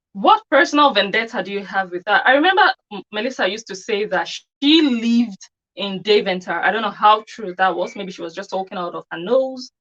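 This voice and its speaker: A woman's voice: mid-range voice, a bit bright, highs cut off. A woman giving an opinionated commentary monologue on her channel, scornful and full of rhetorical questions. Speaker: commentary vlogger.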